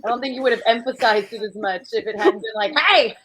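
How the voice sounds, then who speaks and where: A woman player on a tabletop game stream, chatting in a hesitant, relaxed way with easy laughter. A faint noise sits in the background. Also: a little high, quick pace, poor audio. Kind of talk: casual chat.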